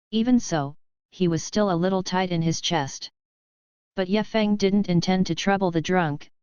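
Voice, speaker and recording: Low, very clear woman narrating. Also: darkish tone, no room sound, lo-fi sound. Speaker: audiobook narrator. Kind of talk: scripted narration.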